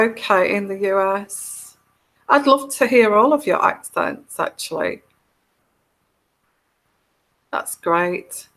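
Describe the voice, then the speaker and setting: A woman's voice: medium pitch, a bit bright. A woman from Northern England with a Yorkshire accent, chatting casually with viewers on a live stream, full of ums and restarts. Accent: Northern English, Yorkshire. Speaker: tarot reader hosting a live chat.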